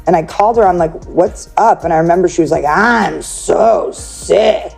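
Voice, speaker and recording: Woman, interview guest, low mellow voice, rambling chatty storyteller. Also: fast, faint music behind. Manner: chatty, peppered with "like", acts out quoted speech.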